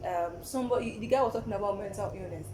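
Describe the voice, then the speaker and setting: A woman's voice: mid-range voice, fast, roomy sound, background noise. A young woman with a Nigerian accent, co-hosting a casual chat and telling stories, acting out what people said and laughing often. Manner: animated storyteller, acts out quotes, laughs often. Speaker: podcast co-host.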